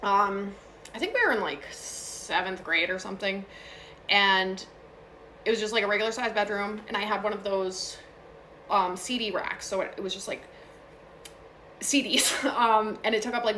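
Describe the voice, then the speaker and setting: Bright-voiced woman telling a ghost story. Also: medium pitch, slight background noise. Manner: chatty, frequent fillers and asides. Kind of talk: casual first-person ghost story.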